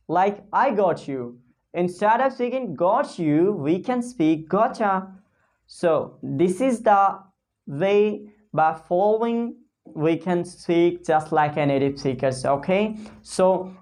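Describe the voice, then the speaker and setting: A woman teaching spoken English pronunciation, talking casually to camera and slowly repeating model phrases for learners to copy. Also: medium pitch, lively intonation, a little mellow. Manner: many fillers and restarts, non-native phrasing.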